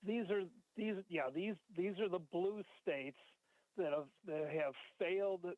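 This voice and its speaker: A man calling in to a radio show, speaking haltingly with many restarts. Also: high-pitched. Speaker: caller. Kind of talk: call-in talk. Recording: phone line.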